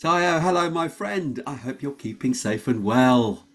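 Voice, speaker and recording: A man co-hosting a casual podcast, chatty and quick to laugh, with a cold cough. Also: mid-range voice, animated. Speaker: co-host.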